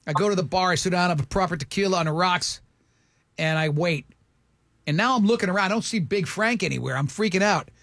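Animated middle-aged man telling stories. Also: sits high, no echo. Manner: rambling, animated storyteller with restarts. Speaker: podcast co-host. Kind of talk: casual storytelling chat.

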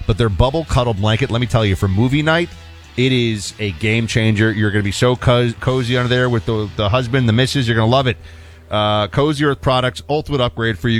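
Brief: male talk radio co-host, mid-pitched, jokey and animated, faint music bed underneath. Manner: joking, animated. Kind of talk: casual talk radio banter and host-read ad.

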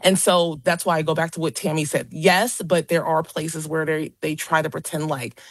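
A woman who is a paranormal investigator, answering radio questions in an animated, chatty way. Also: low-pitched, normal speed, no echo.

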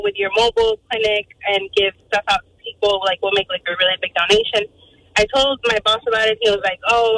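A woman calling into a radio show, telling a story in a lively way and acting out the people in it. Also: mid-range voice. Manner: animated, quotes people in voices. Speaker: caller. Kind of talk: phone-in storytelling. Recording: phone line with faint noise.

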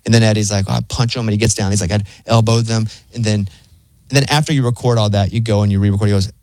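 A man's voice: fairly low pitch, steady tone, rapid-fire, darkish tone, no echo. A man hosting casual studio banter, telling stories and mimicking other people's voices.

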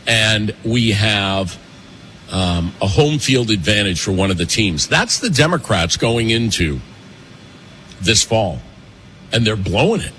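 A man hosts a political commentary show from a cafe, his bright, forceful voice swooping up and down as he hammers home points with quick repetitions. Faint background noise sits under his talk. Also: fairly low pitch. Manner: animated, emphatic, fast, with repetitions. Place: pastry shop and cafe.

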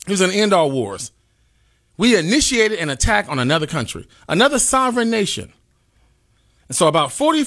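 A man's voice: on the high side, a bit bright. A man hosting a talk radio show, speaking passionately and emphatically, with exclamations.

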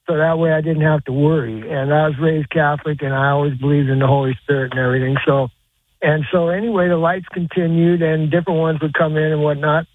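An older man calling in to a radio show, telling a long story in a halting, rambling way with lots of fillers and restarts. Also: fairly high pitch, slightly rough, no room sound. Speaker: caller. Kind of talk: call-in storytelling. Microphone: telephone. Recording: tinny phone line.

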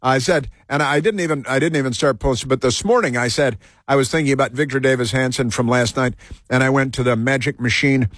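A man's voice: medium pitch, fairly quick, fairly bright tone, no room sound, clean studio sound. A man hosting a talk show, delivering a rambling monologue full of fillers and restarts.

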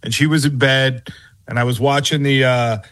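A middle-aged man hosting a sports radio show, telling a story in halting bursts of mock outrage. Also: mid-range voice, steady tone, fairly bright tone. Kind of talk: casual radio banter.

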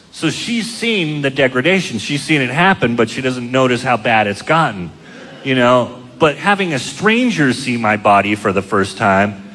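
A man's voice: medium pitch, a bit bright. Self-deprecating middle-aged male comic. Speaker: touring stand-up comedian. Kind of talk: stand-up comedy set. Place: comedy club stage. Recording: live club recording with long reverb and clear noise.

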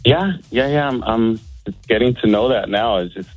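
A man calling into a radio show while sick, his voice deeper than usual, joking hesitantly with lots of ums. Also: moderate pace, no room sound, faint music behind, rough recording. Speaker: caller. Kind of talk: casual phone-in chat.

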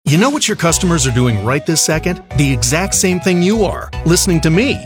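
A man's voice: fairly high pitch, big pitch swings, fairly quick, over music. Playful man reading an ad. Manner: chatty, jokey, talks to a dog mid-read. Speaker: ad announcer. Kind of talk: playful scripted ad read.

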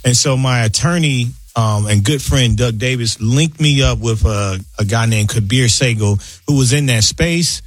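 A man's voice: medium pitch, normal speed, hardly any pauses, no echo. Laid-back man in his fifties. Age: 50s. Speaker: guest musician. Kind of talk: relaxed interview chat.

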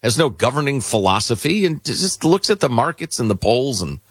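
A man's voice: mid-range voice, big pitch swings, moderate pace, no room sound. A man hosting a talk radio show, reading listener mail with wry, sarcastic asides. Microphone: studio mic.

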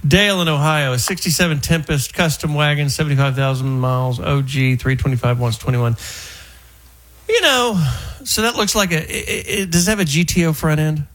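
A man's voice: a little high, a little fast, fairly bright tone. A man hosting a call-in radio talk show, chatting loosely with callers and guests, often restarting his sentences. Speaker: radio host.

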